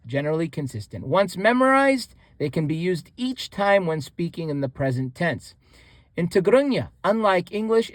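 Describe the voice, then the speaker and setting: A man's voice: fairly high pitch, no room sound. Man teaching in a rambling way. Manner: rambling, many restarts and fillers, repeats example words. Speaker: language teacher. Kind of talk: casual explanatory lesson.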